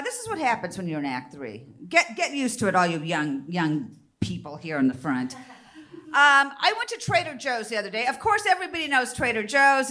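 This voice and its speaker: On a theater stage, a woman in her fifties performs stand-up in a sharp, fairly high voice. She's brassy and bawdy as she teases the crowd.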